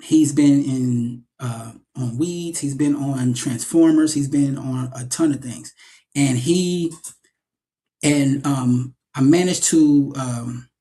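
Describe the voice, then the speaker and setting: A young adult man, an actor, telling stories in a casual interview, animated and often repeating his words as he goes. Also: mid-range voice, takes it slowly.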